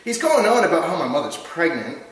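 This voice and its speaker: A man telling a story in casual chat, animated, swearing often and laughing, recorded far from the mic in an echoey room. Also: a little high, brisk, very noisy. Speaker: podcast host.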